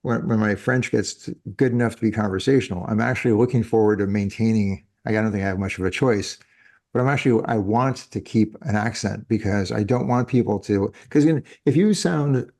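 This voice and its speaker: Rambling fifty-something man, low voice. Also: a little fast, darkish tone. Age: 50s. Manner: rambling, self-correcting, chuckles often. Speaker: podcast host. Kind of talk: casual conversation. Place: living in France.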